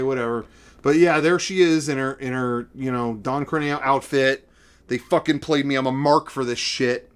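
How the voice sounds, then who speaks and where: A middle-aged man hosting a casual collecting vlog, rambling and excitable, playing up mock emotion. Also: mid-range voice. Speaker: vlogger showing figure collection.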